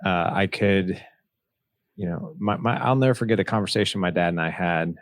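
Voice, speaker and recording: A man's voice: sits low, moderate pace, no echo. A man as a podcast guest, earnestly telling a personal story and retelling past conversations. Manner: earnest, retells dialogue with "he's like".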